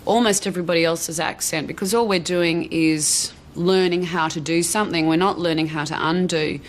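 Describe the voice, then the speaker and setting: Chatty Australian woman, low voice. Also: steady tone, normal speed, a little hiss or hum. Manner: chatty, casual, many fillers. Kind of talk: interview answers in a TV documentary.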